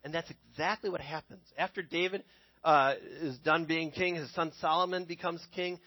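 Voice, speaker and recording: A young man tells a Bible story in an easy, chatty sermon, often pausing to ask his listeners "okay?" His voice sits a little high for a man. The sound is close and dry, with almost no room echo. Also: fairly even intonation, sharp tone. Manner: conversational, checks in with listeners with "okay?". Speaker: preacher.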